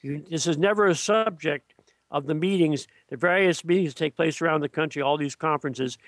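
A man's voice: fairly high pitch, fairly quick, fairly bright tone, no echo. A man giving blunt, scornful political commentary as an interview guest, often restarting his sentences.

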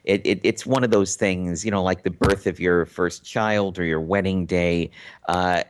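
A man recounting a personal story as an interview guest, animated and full of restarts and repeated words. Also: low voice, measured pace. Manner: animated, acts out quotes in a raised voice; frequent restarts and stammered repeats. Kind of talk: casual storytelling.

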